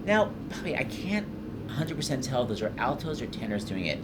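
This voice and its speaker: A man hosting a commentary on a musical, effusive and excitable, rambling with fillers as he explains what he loves. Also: mid-range voice, a little fast, very noisy. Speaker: show host explaining a musical. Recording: voice-over over loud show music. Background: loud cast recording and orchestra.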